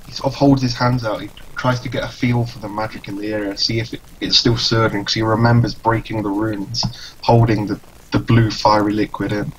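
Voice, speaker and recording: A man narrates what his character does, halting and casual, in a slightly low voice. Faint hiss sits behind him. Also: level tone, low-quality recording. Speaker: player.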